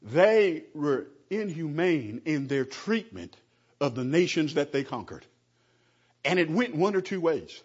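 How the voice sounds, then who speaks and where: A husky man with a slightly high voice preaches a sermon, animated and often stammering as he restarts his phrases. The recording sounds dull and lo-fi. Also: measured pace. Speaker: pastor.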